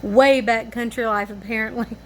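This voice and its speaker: Speaking at normal speed in a fairly high, fairly even voice, a family vlogger chats homespun-style to camera at home. It's evening, she's tired and yawning, and slight background noise can be heard.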